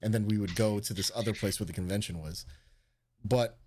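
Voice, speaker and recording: A man hosting a relaxed live stream rambles casually through a long story, talking a little fast with a breathy edge. He's animated and swears freely, and his voice leaps up high whenever he acts out what other people said.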